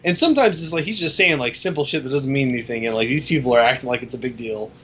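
A man co-hosting a casual movie-review podcast, talking in a relaxed, halting way with many fillers. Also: mid-range voice, breathy edge, highs cut off.

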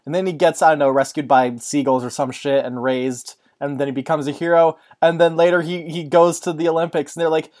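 A woman's voice: low-pitched, fast, few pauses. A woman co-hosting a podcast, telling stories in a sarcastic, joking way. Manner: sarcastic, animated storyteller. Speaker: podcast co-host. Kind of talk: casual chat.

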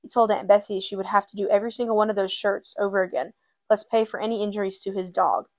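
A woman's voice: mid-range voice, fairly even intonation, quick pace, darkish tone, no echo, lightly acted. A woman reading as an earnest, angry young girl. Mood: upset.

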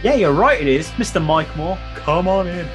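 A man's voice: sits high, expressive, normal speed, over music. A man with a Birmingham accent co-hosting a podcast in casual chat, playful and a little sleepy. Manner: playful, sleepy, theatrical intros. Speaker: podcast co-host.

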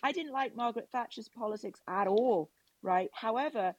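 A woman's voice: fairly high pitch, expressive, normal speed, dull audio. A woman on a podcast panel, pressing her point insistently in casual debate. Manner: insistent, talks over others.

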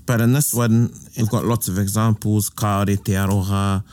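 A man's voice: lowish voice, little pitch movement, normal speed, darkish tone. A man casually explaining Māori phrases and idioms, patiently giving examples and translations. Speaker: te reo Māori expert. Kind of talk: casual language chat.

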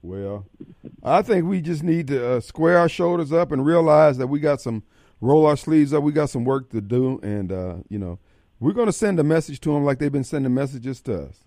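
A man's voice: on the high side, animated, normal speed, dark tone, no room sound. A man hosting a radio talk show, folksy and fiery, taking callers and giving warnings. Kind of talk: talk radio monologue and call-in.

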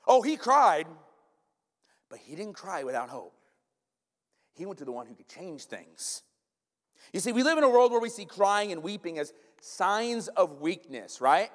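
A man preaching a sermon in a church, animated and emphatic, often turning to the congregation with asides. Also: high voice, a little slow. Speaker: pastor. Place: church sanctuary. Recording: long church-hall reverb.

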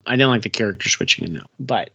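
A man's voice: on the low side, lively intonation, fast, vocal fry, sharp tone, husky, dry recording, muffled recording. A man co-hosting a casual chat about video games, rambling with lots of fillers and restarts.

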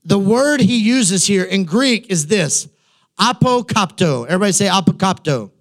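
A man pastor preaching a sermon in an animated way, with humorous asides and passages that build to shouting. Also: high-pitched, normal speed.

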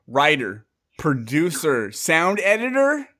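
A bright, forceful male voice, slightly high for a man, talking in his thirties as a podcast host. He chats in an excitable, jokey way and swears casually. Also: takes it slowly. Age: 30s.

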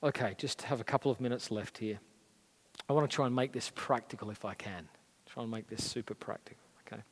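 A man's voice: medium pitch, brisk, husky. Australian man preaching in a reverberant hall. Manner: earnest, conversational preaching with emphatic rises. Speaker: pastor. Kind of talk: sermon. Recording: long reverb of a large hall.

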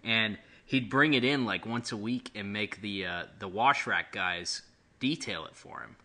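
A man's voice: fairly low pitch, measured pace, bright, forceful tone. A man co-hosting a casual podcast, chatting and telling stories with lots of fillers and easy laughter. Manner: laughs easily, storytelling with many fillers. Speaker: podcast co-host. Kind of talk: casual chat.

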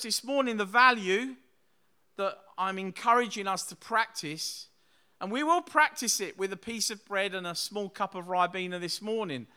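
A man's voice: high-pitched, bright, forceful tone, smooth. A man preaching a sermon to his church, speaking conversationally with frequent tag questions, then leading a communion prayer. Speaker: pastor.

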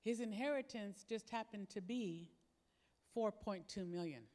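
A woman's voice: mid-range voice, unhurried, a little mellow. A woman pastor preaching a sermon, telling a personal story in a conversational way and acting out the dialogue. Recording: long hall reverb.

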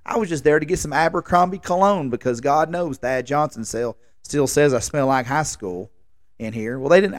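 A man's voice: fairly high pitch, moderate pace, dry recording, clean studio sound. A man, hosting a podcast and telling rambling, self-mocking stories in a casual, exasperated way. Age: late 30s. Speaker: podcast host. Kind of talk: casual comedic storytelling monologue.

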